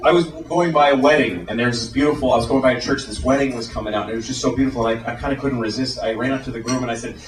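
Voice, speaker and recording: A man performing a crude stand-up routine, switching between flat delivery and shouted mock voices. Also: medium pitch, very fast, few pauses. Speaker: stand-up comedian. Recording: roomy live club sound from far off. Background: loud audience laughter.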